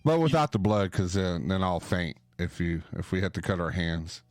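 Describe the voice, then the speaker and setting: A man's voice: sits low, normal speed, dry recording. A man hosting a podcast, chatting with guests in a playful, joking way. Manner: jokey, playful. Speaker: podcast host. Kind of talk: lively casual chat.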